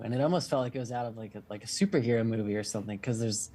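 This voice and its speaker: A man's voice: medium pitch, racing, warm tone. A male interviewer with a middling voice chats in an easy, unpolished way. He hedges his points and leans on "like" and "um" as he goes. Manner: loose, hedging, many "like" fillers. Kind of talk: casual interview chat.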